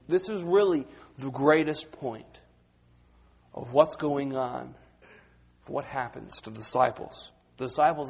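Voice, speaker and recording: A man preaching a sermon, moving between quiet, low passages and loud, excited retellings of the disciples. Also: vocal fry. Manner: dynamic, swings from quiet to loud and high when acting out the disciples.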